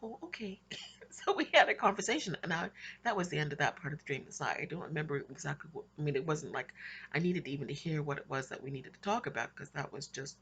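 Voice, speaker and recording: A woman's voice: low-pitched, lively intonation, quick pace, a bit bright, husky. A woman casually recounting her dreams in a rambling way, with frequent restarts and little laughs. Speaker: Christian vlogger recounting dreams. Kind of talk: casual spoken storytelling.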